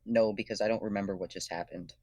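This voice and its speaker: A man at a tabletop game, joking in a relaxed, slightly hesitant way. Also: fairly low pitch, quick pace. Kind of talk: casual banter at the game table.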